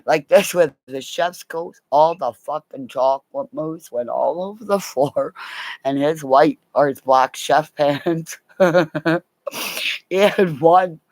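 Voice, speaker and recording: A woman's voice: deep voice, no room sound. A middle-aged woman telling rambling personal stories in a casual, profane way, laughing as she goes. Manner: animated, swears a lot, laughs mid-story. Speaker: storyteller.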